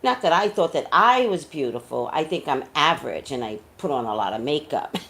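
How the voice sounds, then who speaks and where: Blunt scolding woman with gravelly low voice. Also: lively intonation, normal speed, a bit bright. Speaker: psychic commentator. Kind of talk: opinionated celebrity commentary.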